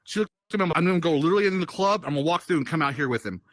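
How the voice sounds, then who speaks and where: A man casually telling a wild party story in an animated, profane way, often laughing as he goes. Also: on the high side, very fast, dry recording, clean studio sound. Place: virtual-world chat session.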